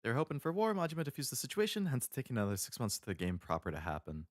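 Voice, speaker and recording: A man's voice: mid-range voice, wildly swooping pitch, racing, no room sound, clean studio sound. A man streaming a game, chatting casually and thinking aloud about the story.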